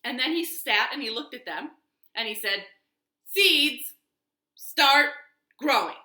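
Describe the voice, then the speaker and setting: A woman librarian reading a children's storytime at home, slow, sing-song and expressive. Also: on the high side. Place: home living room. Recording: roomy living room.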